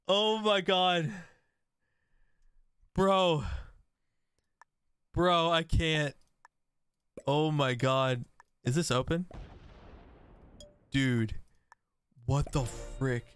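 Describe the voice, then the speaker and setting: A young man streaming an online strategy game, reacting excitedly to chat and laughing at other players. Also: on the high side, extremely slow, pauses often, clear, resonant tone, no echo. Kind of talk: live game stream commentary.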